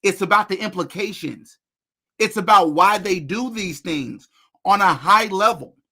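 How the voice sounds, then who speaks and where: Guy with a high bright voice, animated podcast host chatting to viewers. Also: unhurried, slightly rough. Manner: animated, talks to viewers directly, repeats phrases while searching. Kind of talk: casual commentary while reacting to a video.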